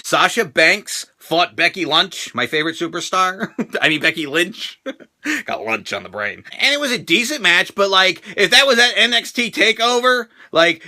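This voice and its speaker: A man's voice: sits high, sharp tone. A man ranting in a profane, sarcastic reaction vlog about a wrestling show.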